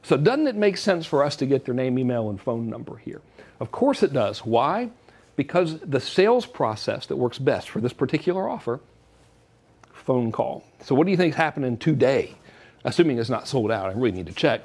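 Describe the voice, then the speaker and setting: Husky, animated male marketing presenter. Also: medium pitch, moderate pace. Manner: animated, joking, salesy. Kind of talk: direct-to-camera marketing talk.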